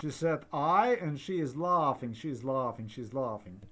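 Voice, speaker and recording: A man's voice: mid-range voice, expressive, normal speed, noisy background. An older man, giving rambling personal commentary that repeats and digresses. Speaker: vlogger.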